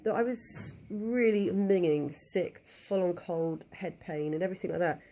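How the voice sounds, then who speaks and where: A woman's voice: on the low side, moderate pace, mellow. A young woman talking candidly to camera in a casual vlog, a bit out of breath and stuffy from a cold, with lots of "um" and "like" fillers. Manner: candid, chatty, many "um" and "like" fillers. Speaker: vlogger.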